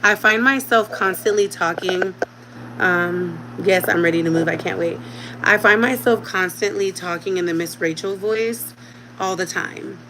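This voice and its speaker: A woman's voice: fairly low pitch, bright, forceful tone, slight background noise, rough recording. A woman in her thirties, a mother talking casually at home to her channel's viewers, chatty and direct with them. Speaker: vlogger. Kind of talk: casual chat to camera.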